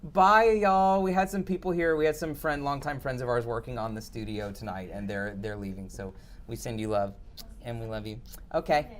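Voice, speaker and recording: Young male podcast host, casual and profane, excitable, faint background hiss. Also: a little fast. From Texas. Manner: swearing, excitable, jumps to high exclaims. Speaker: podcast host reading chat. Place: home podcast studio.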